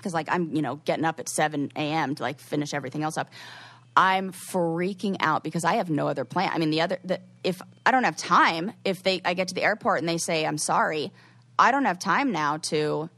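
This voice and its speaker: A woman's voice: low voice, brisk, fairly bright tone, dry recording. A woman co-hosting a podcast, telling a story in a rambling, casual way full of "like.". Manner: rambling, heavy use of "like". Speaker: podcast co-host.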